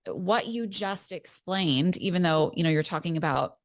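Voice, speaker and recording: A woman with a somewhat low voice hosts a relationship podcast. She speaks earnestly and at a measured pace, often murmuring quiet agreement while her guest talks. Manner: earnest, measured, frequent affirming "mm-hmm". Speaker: podcast host and relationship coach. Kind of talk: casual podcast conversation.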